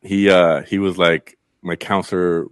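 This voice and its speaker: Low-voiced man telling stories candidly. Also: flat delivery, unhurried, smooth, no room sound, clean studio sound. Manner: candid, rambling storytelling with frequent fillers and swearing. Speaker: podcast guest. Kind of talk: casual conversation.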